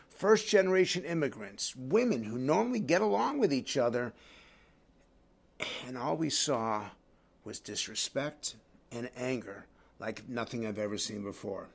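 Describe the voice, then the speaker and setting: A middle-aged man hosting a focus group. He is calm and earnest when narrating and turns loud and scolding when he steps in. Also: mid-range voice, creaky. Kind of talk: moderating a heated group discussion.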